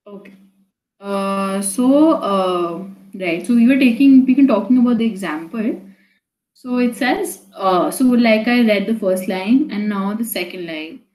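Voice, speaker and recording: Young indian woman tutoring online, mid pitch, lots of um and like, kinda echoey. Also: measured pace, darkish tone. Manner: casual, mixing Hindi into English, many fillers and restarts. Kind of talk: online poetry lesson. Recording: echoey room.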